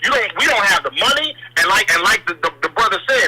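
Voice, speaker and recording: A man's voice: sits high, very animated, fast talker, pushed and bright. A man calling in to a talk show, speaking with passion and tripping over repeated words. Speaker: caller. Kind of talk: call-in radio talk. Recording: noisy call-in line.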